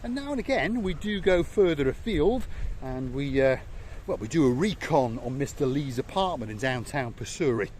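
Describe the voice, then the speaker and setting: A man's voice: medium pitch, moderate pace, a little hiss or hum. An English man hosting a playful travel vlog outdoors by a seaside resort, rambling and joking like a tour guide. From England. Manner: jokey, rambling, lively tour-guide patter. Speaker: vlogger host.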